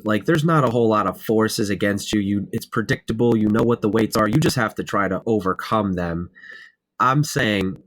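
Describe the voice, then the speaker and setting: Low-voiced man pressing a point. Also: dry recording. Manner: probing, asks questions and argues his point. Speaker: podcast co-host. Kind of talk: casual podcast chat.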